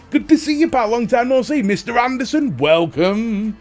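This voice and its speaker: Jokey male stream host, high and animated, light music underneath. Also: moderate pace. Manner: jokey, animated, swears freely. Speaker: livestream host. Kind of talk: casual chat greeting viewers.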